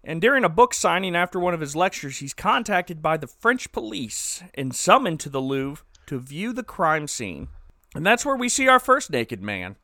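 Man, podcast co-host, bright and forceful tone, fairly high voice, jokey animated storytelling, dry close sound. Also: normal speed, dry recording. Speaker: podcast co-host recapping a movie. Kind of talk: casual comedic podcast chat.

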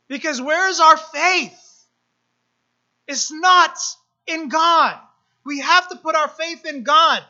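In a dull, lo-fi recording, a woman pastor gives a sermon at an unhurried pace, her voice high and bright. She repeats phrases with mounting emphasis and tosses brief remarks to the congregation.

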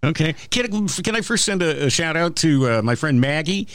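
A man's voice: a little high, animated, normal speed, fairly bright tone, clean tone, no echo, studio quality. A man co-hosting a casual podcast, easygoing and playful. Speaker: podcast co-host. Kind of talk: casual chat.

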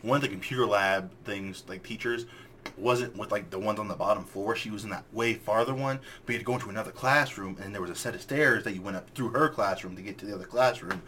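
A man's voice: fairly low pitch, fast, sharp tone, slight background noise. A young man co-hosting a podcast in casual chat, joking, laughing easily and chiming in with memories. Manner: jokey, laughs easily, chimes in. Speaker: podcast co-host.

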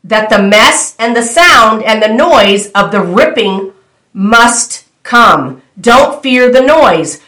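A woman with a fairly high voice preaches a prophetic word straight to her viewers. She repeats her declarations with fervour. Her voice rings out in an echoey room. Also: fairly bright tone. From United States. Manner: fervent, repetitive declarations, talks straight to viewers. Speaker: prophetic minister. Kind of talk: delivering a prophetic word to camera.

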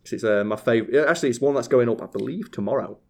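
A man co-hosting a podcast, telling stories in an animated, swearing, ranting way. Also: medium pitch, racing, gravelly. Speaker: podcast co-host. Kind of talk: casual chat.

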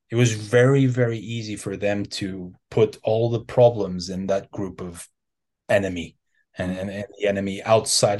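Male interview guest, lowish voice, hesitant delivery with restarts. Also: darkish tone. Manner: hesitant, many restarts and fillers. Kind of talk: casual conversational interview.

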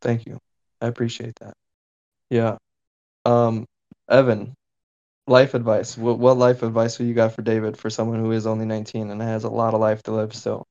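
Male podcast host, laid-back, casual swearing, low flat voice, lo-fi sound. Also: normal speed. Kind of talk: casual chat. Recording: dull lo-fi sound.

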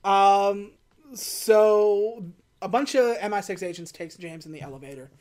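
A woman speaking a little slowly in a medium-pitched voice walks through a movie's plot in casual podcast chat as co-host. Her retelling is lively, peppered with character quotes and laughter.

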